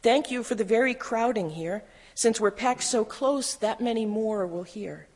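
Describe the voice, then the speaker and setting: A reader voicing a devout, earnest grown woman who speaks gently but insistently, from a memoir read aloud. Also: mid-range voice, a little slow, voice pushed up. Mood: serene. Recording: long hall reverb.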